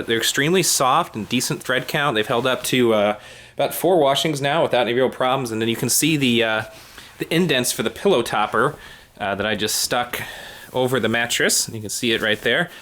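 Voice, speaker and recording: A man's voice: medium pitch, a bit bright. A young man vlogging at home, chatting in a rambling way with self-mocking asides. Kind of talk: casual home vlog. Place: inside a home.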